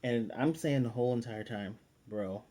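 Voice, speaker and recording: A man's voice: mid-range voice, moderate pace, warm tone. A man giving a casual, conversational recap and review of an anime episode, retelling scenes with loosely paraphrased character lines and lots of fillers. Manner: loose filler-heavy delivery with restarts.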